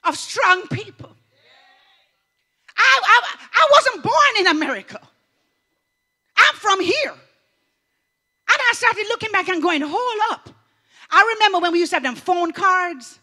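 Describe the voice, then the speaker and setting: Woman pastor, motivational sermon, very high voice, fervent, loud then hushed.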